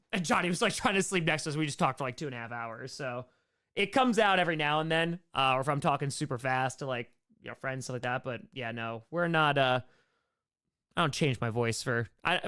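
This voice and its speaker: A young man with a New York accent chatting casually and quickly while answering viewer questions on a live stream, playful and animated. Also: mid-range voice, clear, resonant tone. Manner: fast, animated, playful, reads chat aloud.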